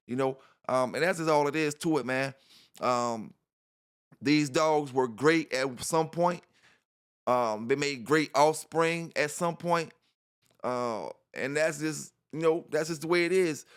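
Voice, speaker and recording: Rambling man with a higher voice. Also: measured pace, clean tone. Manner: rambling, repeats himself, frequent "you know". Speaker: dog channel host. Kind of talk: casual spoken monologue.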